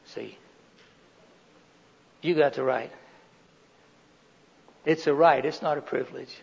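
A man's voice: a little high, takes it slowly, gravelly, breathy edge. A middle-aged man giving a live workshop talk in a meeting room, chatty and folksy, often asking the audience questions. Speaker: workshop lecturer. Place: meeting room with windows and a heater. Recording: dull reverberant room recording.

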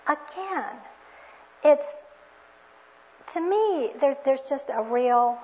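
A woman's voice: high-pitched, slight background noise. A woman preacher giving a sermon in an earnest, reflective, questioning way. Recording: dull lo-fi recording.

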